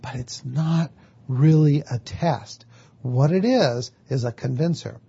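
A man's voice: a little high, slow, gravelly, dark tone, husky, muffled recording. A man teaching a lecture on hypnotherapy, explaining step by step and answering his own questions. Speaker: hypnotherapy instructor.

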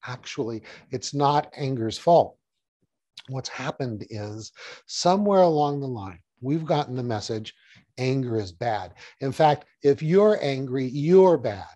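A man's voice: medium pitch, mellow, no echo. A middle-aged man teaching hypnotherapy in a casual, storytelling way, repeating key phrases as he explains. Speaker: hypnotherapy trainer. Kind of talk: casual teaching talk to camera.

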